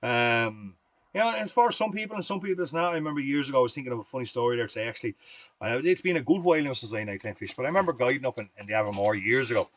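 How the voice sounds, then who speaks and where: A man's voice: mid-range voice, expressive, racing, a bit bright, no room sound. A middle-aged Irish man demonstrating fly tying on a livestream, chatting in a rambling, folksy way between steps.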